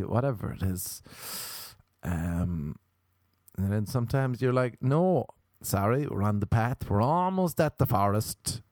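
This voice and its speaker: A young man with a lowish voice tells a comic personal story in a casual monologue. He swears freely and acts out his reactions, jumping into high, silly tones. The sound is dry and close. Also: dark tone, no room sound.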